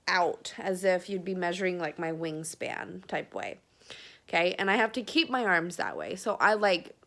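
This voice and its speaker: A woman's voice: mid-range voice, creaky, a bit bright. A young woman tells a personal story to the camera, close to tears and full of fillers. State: tearful. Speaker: vlogger.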